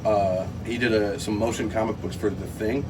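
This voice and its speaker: A man with a fairly low voice chats loosely as a podcast guest, leaning on ums and uhs as he goes. He sounds set back from the mic, and steady noise hangs behind him. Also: normal speed. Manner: relaxed, rambling with many fillers and laughs. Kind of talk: casual chat. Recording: distant mic with clear background noise.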